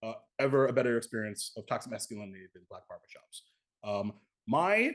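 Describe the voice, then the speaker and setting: A man's voice: lowish voice, sing-song, a little fast. A man moderating a casual panel discussion, talking animatedly with lots of fillers and restarts.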